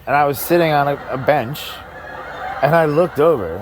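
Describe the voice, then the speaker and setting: A man's voice: fairly high pitch, moderate pace, background noise. A man doing a stand-up comedy set in a club, rambling, breaking off mid-sentence and laughing at his own jokes.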